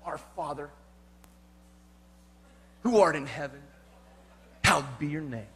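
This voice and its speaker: A man putting on a deep, grudging, vengeful pray-er. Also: animated, slow pace, a bit bright, exaggerated voice. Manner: mock-pious, sarcastic muttering. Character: resentful churchgoer grudgingly praying, vengeful.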